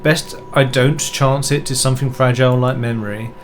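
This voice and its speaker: A man's voice: mid-range voice, fairly even intonation, moderate pace, soft background music, natural voice. A man voicing a formal French male debunker of mystics in a put-on French accent, sprinkling in French words.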